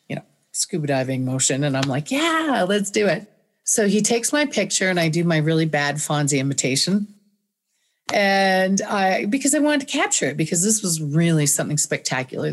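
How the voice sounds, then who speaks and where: A woman guest in an interview, telling a personal story with animated, dramatic storytelling. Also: low-pitched. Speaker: guest speaker.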